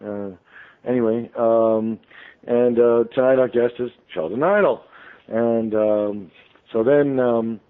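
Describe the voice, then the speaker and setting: A man's voice: mid-range voice, steady tone, slow pace. A man, a radio show guest, telling a long story in a rambling way full of ums and restarts. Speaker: interview guest, author. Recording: tinny phone line.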